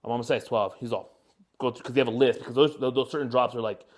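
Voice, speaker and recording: Here a podcast co-host in his twenties rambles through a lengthy story, leaning heavily on fillers in relaxed conversation. He speaks fast in a mid-range voice with fairly even intonation.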